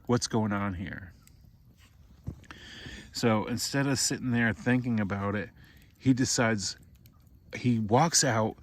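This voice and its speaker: A man's voice: takes it slowly, long pauses. A man, a parent, telling a made-up horror story outdoors by a campfire, rambling with many restarts. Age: adult parent. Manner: rambling, repeats and restarts, rises to high cries for the boy's voice.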